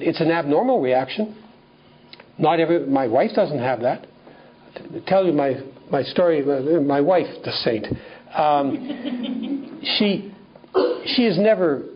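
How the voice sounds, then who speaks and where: Husky man telling a story at a workshop. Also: fairly high pitch. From Canada. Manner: animated, acts out dialogue, frequent restarts. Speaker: workshop speaker. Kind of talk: storytelling talk at a recovery workshop. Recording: dull lo-fi recording.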